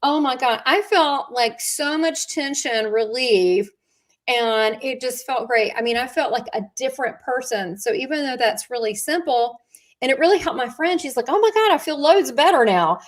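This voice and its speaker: A woman in casual conversation, talking warmly about spiritual practice and stories, often restarting her sentences with fillers. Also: sits high, normal speed. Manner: chatty storyteller with frequent fillers and restarts.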